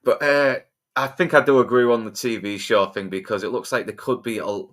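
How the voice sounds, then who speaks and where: A man's voice: mid-range voice, steady tone, brisk, fairly bright tone. A man co-hosting a casual film-discussion podcast, rambling, swearing freely and restarting his sentences. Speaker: podcast co-host.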